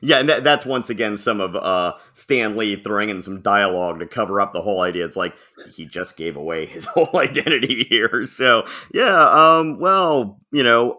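A man's voice: on the low side, moderate pace, few pauses. A man co-hosting a podcast, chatting casually and animatedly about comics, with frequent laughter. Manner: animated, laughing, hesitant with fillers. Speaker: podcast co-host.

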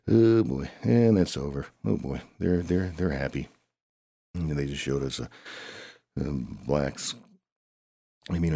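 A man's voice: rumbling low, gravelly, mellow, no echo, clean studio sound. A man improvising a comic story as he goes, grumbling, sighing and answering himself in a back-and-forth. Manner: grumbling, sighing, talks to himself in two alternating voices.

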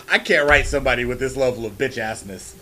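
A man co-hosting a podcast in relaxed, profane casual chat that builds to excited bursts. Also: medium pitch, moderate pace, crowd noise. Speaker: podcast co-host.

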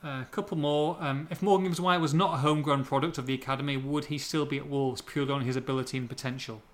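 A man from Hull, hosting a casual podcast chat, reading out listener questions and joking quickly. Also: medium pitch. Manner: quick, jokey and animated.

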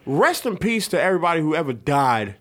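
A man co-hosting a casual sneaker podcast, excitable and profane, telling stories. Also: a little high, a little fast. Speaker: podcast co-host. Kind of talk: casual chat.

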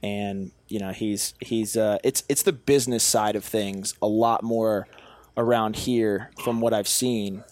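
A young man with a slightly low voice speaks in a dry, close recording. He chats as a podcast guest, earnest and self-assured, and often backs up to restart a phrase. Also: steady tone, a little slow, darkish tone, no room sound. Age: young adult. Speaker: podcast guest, business owner. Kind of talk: casual podcast chat.

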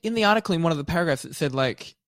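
A man's voice: on the high side, expressive, very fast, a bit bright, slight background noise. A man with a lisp co-hosting a casual podcast, rambling and hesitant, filling his talk with "like" and "kind of". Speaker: podcast co-host. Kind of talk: casual chat.

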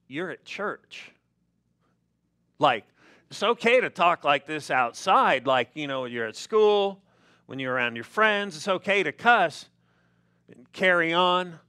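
A man preaching a sermon as pastor, slow and emphatic, with stressed words rising. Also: a little high, pushed and bright. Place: church sanctuary.

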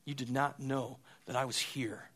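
A man preaching a sermon, moving between quiet, hushed stretches and loud, raised passages, and often repeating a word as he restarts. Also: mid-range voice, steady tone, normal speed, slightly rough. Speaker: pastor.

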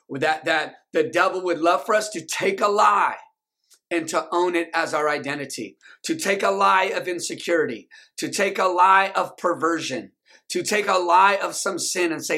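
Man preaching a sermon, call-and-response, bright fairly high voice. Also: normal speed. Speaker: pastor.

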